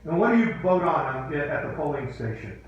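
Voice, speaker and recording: Male teacher, firm and wry, running a class Q&A; slightly high voice in a very echoey classroom. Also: very animated, a little fast, dull audio. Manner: quizzing, firm, dryly teasing. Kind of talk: classroom lesson with questions to students. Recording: echoey room, faint background noise.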